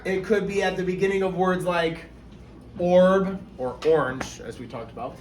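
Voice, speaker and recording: A man's voice: high-pitched, normal speed, a little mellow. A male teacher giving a phonics lesson to young children, patiently sounding out words step by step. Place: classroom. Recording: echoey room with faint noise.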